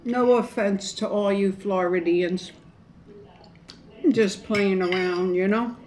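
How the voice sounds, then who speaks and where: A woman's voice: medium pitch, steady tone, slow pace, darkish tone. A middle-aged woman chatting casually to camera during a mukbang, rambling and folksy. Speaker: mukbang vlogger. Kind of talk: casual chat to camera while eating.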